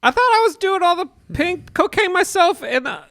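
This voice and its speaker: A man's voice: very high voice, expressive, normal speed, gravelly, a bit bright, dry recording, studio quality, exaggerated voice. A man voicing a drunk, scatterbrained young woman influencer in a comedy script read, stumbling over words and laughing through lines. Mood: rambling.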